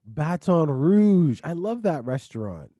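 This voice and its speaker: A man co-hosting a casual podcast, reacting in a playful, expressive way. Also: a little high, slow pace, no room sound, dull audio. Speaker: podcast co-host.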